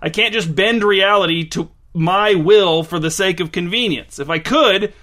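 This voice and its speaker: A man's voice: a little high, pushed and bright. A man hosting a podcast, delivering a sarcastic, exasperated comedic monologue. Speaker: podcast host.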